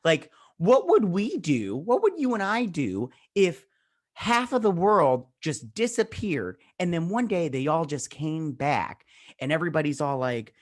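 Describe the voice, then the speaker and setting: A man with a slightly high voice and wide pitch swings hosts a casual vlog reviewing a TV episode, speaking a little slowly. He rambles through scene recaps, acts out the characters' lines, restarts often, and keeps saying "he's all like." The studio-quality audio has no room sound.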